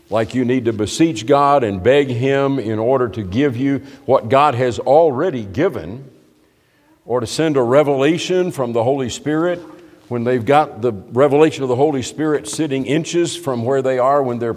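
A man's voice: mid-range voice, a little mellow. A man preaching a sermon in a church hall, explaining scripture in a conversational way with frequent restarts. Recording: long reverb of a church hall.

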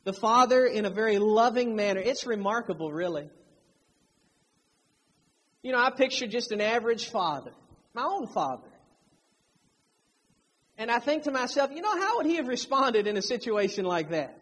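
A man's voice: very high voice, sing-song, normal speed, pauses often, a bit bright. A man preaching a sermon, emphatic, drawing out key phrases to stress them. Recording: long hall reverb.

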